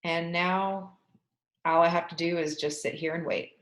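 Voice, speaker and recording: A woman's voice: fairly low pitch, fairly even intonation, moderate pace, a bit bright, echoey room, poor audio. A woman coaching a group webinar through a tapping session, leading repeated affirmations in an emphatic voice and sighing along. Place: home, on a webinar. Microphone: video call webcam.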